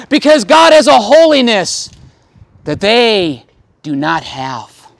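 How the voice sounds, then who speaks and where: High-voiced man preaching a sermon. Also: very animated, takes it slowly, creaky, dry recording. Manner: emphatic preaching, rising and falling for stress. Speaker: pastor. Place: outdoor service near a tent.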